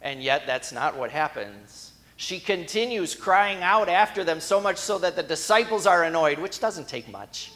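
A man's voice: high voice, expressive, normal speed, hardly any pauses, a bit bright. A man preaching a sermon in a conversational storytelling way that builds to emphatic moments.

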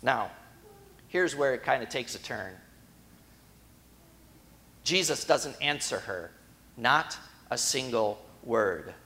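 A man's voice: mid-range voice, expressive, slow, long pauses, bright, forceful tone. A man preaching a sermon in a conversational storytelling way that builds to emphatic moments.

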